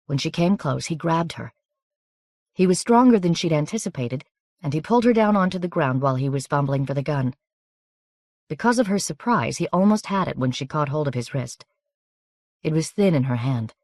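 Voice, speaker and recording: A woman narrating an audiobook in an even, measured, scripted reading on a close studio microphone. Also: low voice, dry recording.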